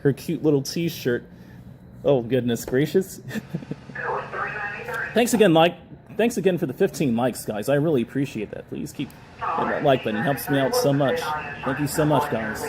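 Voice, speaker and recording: A man hosts a live stream from his phone, talking casually and reading out viewer comments with easy laughter. His voice sits at an ordinary, medium pitch. A light hum of background noise runs under the recording. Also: expressive, normal speed, pauses often. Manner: chatty, reads viewer comments aloud and laughs often. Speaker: livestream host. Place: indoors, public building.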